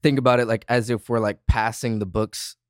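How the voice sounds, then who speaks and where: A man's voice: medium pitch, steady tone, a little fast, clear, resonant tone, no room sound, studio quality. A young man hosting a podcast, chatting casually and animatedly with a friend, laughing often and using lots of fillers. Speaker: podcast host. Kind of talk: casual chat.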